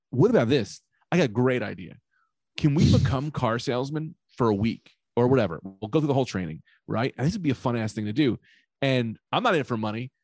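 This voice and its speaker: A man co-hosting a casual podcast chat, excitable and swearing as he pitches ideas. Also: no room sound.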